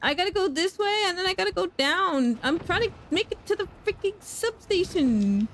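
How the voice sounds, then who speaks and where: A woman's voice: extremely high pitch, expressive, normal speed, a bit bright, slight background noise. A young woman streaming a horror game, talking to chat, laughing and shrieking at danger. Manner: talks to chat, self-mocking. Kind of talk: live gameplay commentary.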